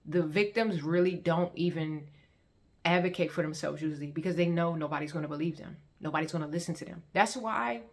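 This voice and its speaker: A woman. She tells it in an animated, repetitive way, acting out what people said. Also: low-pitched, fairly quick. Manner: animated storytelling with repeated phrases and acted-out quotes. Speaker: testimony vlogger. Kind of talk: emotional personal testimony.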